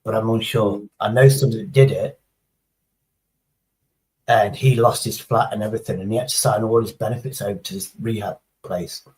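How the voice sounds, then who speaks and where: A man's voice: on the low side, fairly even intonation, a little fast, darkish tone, rough recording. Rambling, sweary middle-aged Englishman. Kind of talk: casual chat.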